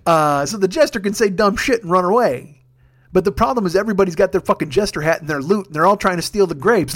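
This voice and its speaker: Fast-ranting profane male comedian. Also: high-pitched, lively intonation, fairly bright tone. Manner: profane, fast ranting with bursts of raised intensity. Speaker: comedian podcast host. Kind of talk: solo comedic rant.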